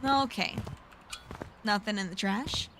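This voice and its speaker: A woman's voice: mid-range voice, slow pace, background noise. A woman streaming a video game who chats and thinks aloud, with frequent giggles and playful asides. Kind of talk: casual live-stream commentary.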